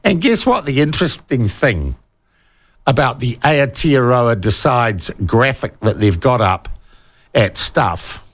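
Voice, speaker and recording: A man's voice: mid-range voice, big pitch swings, slow, a bit bright, no echo. A man with a New Zealand accent hosting talkback radio, blunt and sarcastic, reading out listener texts. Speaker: radio talk show host.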